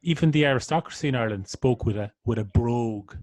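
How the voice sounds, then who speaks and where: A man interviewing a guest in a conversational podcast, halting and searching for words, often trailing off quietly. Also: medium pitch.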